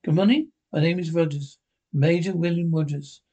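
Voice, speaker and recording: A man's voice: a little high, moderate pace, mellow, husky, dull audio. A man reading the part of a stiff, formal army major who has just become a superintendent.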